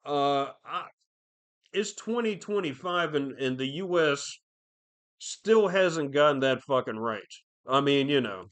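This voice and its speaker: A man's voice: fairly high pitch, animated, slow pace, a bit bright. A man hosting a podcast alone, rambling through casual commentary with constant swearing and fillers. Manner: profane, rambling, lots of fillers. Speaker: podcast host.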